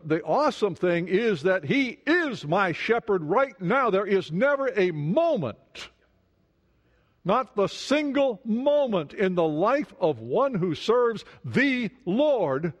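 A pastor with a high voice and big pitch swings preaches slowly, asking his congregation questions and repeating words for emphasis. The recording carries long hall reverb.

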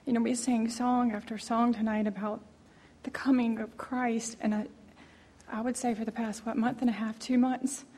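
A woman nervously sharing a personal testimony before a congregation, hesitant with many pauses. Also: fairly high pitch, flat delivery, warm tone, long reverb tail.

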